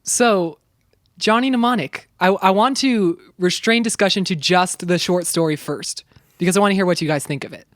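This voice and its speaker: A man's voice: sits high, normal speed, no echo, studio quality. A man co-hosting a podcast in casual chat, earnest and enthusiastic, with small stumbles. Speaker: podcast co-host.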